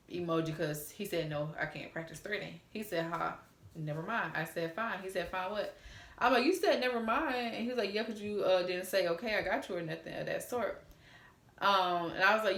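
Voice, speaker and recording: A woman's voice: on the low side, a bit bright. Casual woman telling a story in an echoey room. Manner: candid, cussing, chatty with asides to viewers. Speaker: storytime vlogger. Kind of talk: casual storytelling, reading out texts.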